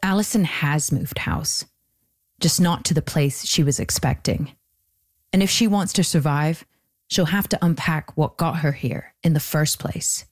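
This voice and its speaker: A woman hosting and narrating a documentary podcast in a measured, scripted delivery. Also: sits low. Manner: measured, even storytelling delivery.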